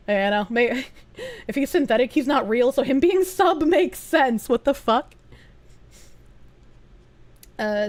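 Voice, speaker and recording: A woman streamer chatting casually and reading viewer messages aloud, blunt, swearing a lot and laughing often. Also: a little high.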